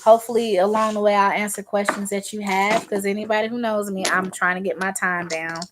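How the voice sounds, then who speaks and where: A woman's voice: medium pitch, steady tone, fairly quick, background noise. A young woman from Arkansas doing her makeup on camera, talking in a rambling, conversational way and telling a story. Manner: rambling and conversational, Southern slang. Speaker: beauty vlogger. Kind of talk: chatty makeup tutorial storytelling.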